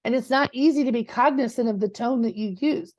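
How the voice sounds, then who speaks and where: Woman, real estate coach, fervent motivational speaker, slightly high voice, lo-fi audio. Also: brisk, darkish tone. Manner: passionate, preachy, Southern-casual with "y'all" and "girl".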